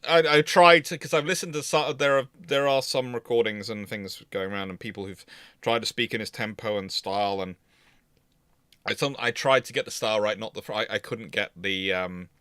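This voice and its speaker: A man's voice: on the low side, steady tone, fairly quick, sharp tone, clean tone, no room sound, clean studio sound. A man presenting naval history in a casual lecture, rambling and correcting himself as he goes. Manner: rambling, self-correcting, chuckling.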